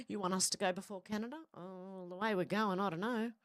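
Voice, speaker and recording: An Australian woman hosts a livestream and reads viewers' comments aloud in a relaxed, chatty way, with plenty of fillers. Her voice sits at a medium pitch. The sound is dry and close. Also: quick pace, dry recording. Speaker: livestream host. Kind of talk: casual chat reading live comments.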